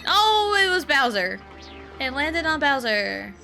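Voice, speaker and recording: A high, lively woman's voice that bounces up and down in pitch as she chats unhurriedly and giggles through a gaming livestream. She gushes about her favourite characters, with game music playing clearly underneath. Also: measured pace. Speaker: streamer. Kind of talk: casual gaming livestream chat.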